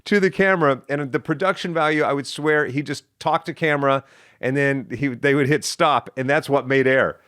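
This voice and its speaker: A man's voice: medium pitch, moderate pace, a bit bright, clean tone, dry recording, clean studio sound. A middle-aged man from Texas, a guest who tells stories animatedly and slips into voices. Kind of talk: casual storytelling.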